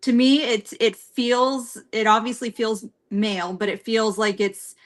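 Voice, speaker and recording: A woman's voice: a little high, steady tone, measured pace. Chatty woman co-hosting a livestream over video call, laughs often. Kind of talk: casual livestream chat.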